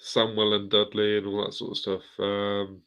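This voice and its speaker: A man's voice: on the low side, monotone, moderate pace, a bit bright, smooth. A middle-aged man hosting a casual live chat, rambling through viewer comments and swearing now and then. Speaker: host of a live chat stream.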